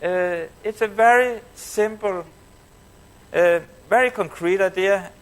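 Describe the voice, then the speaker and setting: A man voicing a bold young woman of twenty-three in a story he tells, slightly higher than his own voice, with teasing pauses. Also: low-quality recording.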